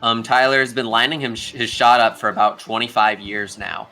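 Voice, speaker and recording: A man's voice: medium pitch, little pitch movement, moderate pace, pushed and bright, faint music behind. A young man giving casual live play-by-play commentary on a video game golf tournament, chatty and talking straight to the players.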